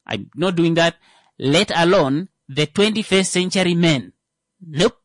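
A man doing a comedic monologue as a comedian, animated and jumping into mocking voices for his bits. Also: a little high, measured pace, dry recording, clean studio sound. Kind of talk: stand-up style comedic monologue.

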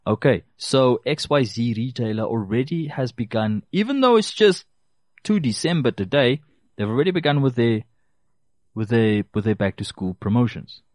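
A man gives casual shopping advice, stressing his points by saying them twice. His pitch rises and falls a lot as he talks. The sound is dry and close, with no room echo. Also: animated, normal speed, a little mellow. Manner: emphatic, repeats key phrases for stress. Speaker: consumer advice presenter. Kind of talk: casual advice talk to listeners.

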